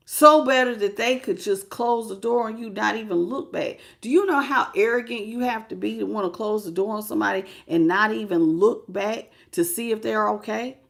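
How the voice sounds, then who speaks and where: A woman giving a live tarot reading in a casual, animated, slangy way, laughing often and greeting her viewers. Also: medium pitch, gravelly. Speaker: tarot reader.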